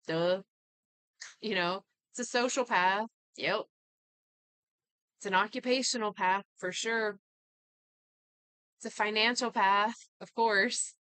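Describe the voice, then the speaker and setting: Bright, clear-voiced woman talking healing. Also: medium pitch, fairly even intonation, takes it slowly, pauses often, dry recording. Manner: earnest, conversational, many asides. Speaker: healing talk host. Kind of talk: casual motivational talk.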